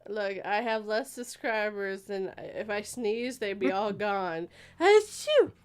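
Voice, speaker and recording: A woman hosting a casual live-stream chat, animated and quick to laugh. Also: mid-range voice, clear, resonant tone. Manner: animated, laughs often, acts out quotes.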